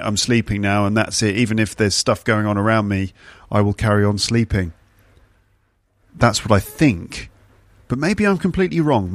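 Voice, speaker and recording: A man hosting a podcast for learners, talking in a chatty, playful, rambling way from the kitchen area of his flat. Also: medium pitch, no room sound. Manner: chatty, playful, self-commenting. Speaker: podcast host and English teacher. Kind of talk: casual rambling monologue. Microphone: podcast microphone.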